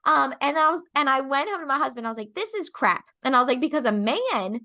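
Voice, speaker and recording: A woman hosting a podcast in casual chat, talking fast and loose with lots of fillers and acted-out quotes. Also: high voice, pushed and bright. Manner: chatty, lots of fillers, acts out quoted people. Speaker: podcast host.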